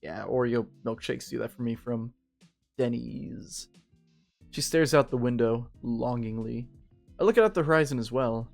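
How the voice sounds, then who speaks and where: Tipsy, gravelly-voiced man gaming. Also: mid-range voice, moderate pace, faint music behind. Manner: rambling, profane, tipsy and joking. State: drunk. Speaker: game streamer. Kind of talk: casual let's-play commentary, reading game text aloud.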